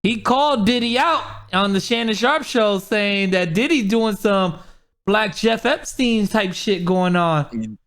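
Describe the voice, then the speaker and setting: A man's voice: high voice, unhurried, smooth. A man hosting a casual podcast chat, talking animatedly and acting out what other people said. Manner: animated, quotes people in raised voice. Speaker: podcast host.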